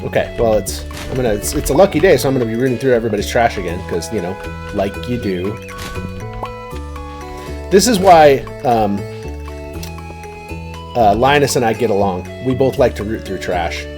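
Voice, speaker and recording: A man's voice: medium pitch, expressive, normal speed, long pauses, over music. A man chatting casually while streaming a game, rambling and talking to his viewers. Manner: rambling, chatty, many fillers and restarts.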